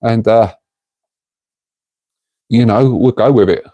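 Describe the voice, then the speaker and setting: A man's voice: mid-range voice, slow, mellow, no room sound. A middle-aged man, hosting a casual livestream and talking to viewers in an earnest, rambling way. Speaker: livestream host.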